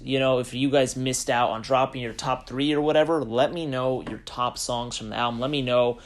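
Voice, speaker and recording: A man's voice: medium pitch, steady tone, normal speed, few pauses. A man casually reviewing an album on his vlog, rambling and thinking aloud with plenty of fillers. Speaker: music reviewer vlogger. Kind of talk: casual unscripted talk to camera.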